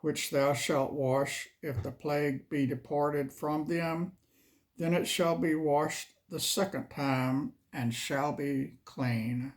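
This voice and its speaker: A man reading scripture slowly and measuredly, then chatting casually as host. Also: on the high side, darkish tone. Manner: slow, measured delivery. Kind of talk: Bible reading and casual chat.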